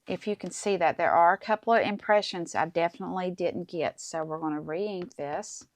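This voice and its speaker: A woman's voice: fairly low pitch, moderate pace, dry recording. A middle-aged woman hosting a casual crafting tutorial at her desk, chatting to viewers as she works. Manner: chatty, talks to viewers while working, says "guys" and "okay?". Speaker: crafting channel host.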